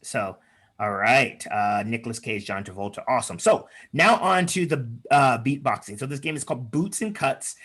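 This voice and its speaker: Over a video call, a man leads an online speaking workshop featuring improv exercises, chatty and encouraging with plenty of fillers. His voice is medium-pitched, a bit bright and slightly rough, with lively intonation at a moderate pace.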